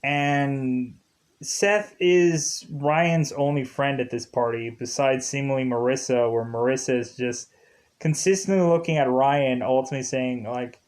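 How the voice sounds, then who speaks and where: A man with a mid-range, slightly mellow voice speaks at a measured pace. He's a TV show reviewer casually recapping an episode, rambling along, repeating filler words and chuckling often.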